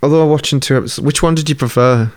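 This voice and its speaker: A man's voice: medium pitch, racing, no echo, studio quality. A man chatting casually in a podcast, musing aloud and asking questions. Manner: musing, giggly, asks many questions. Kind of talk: casual chat.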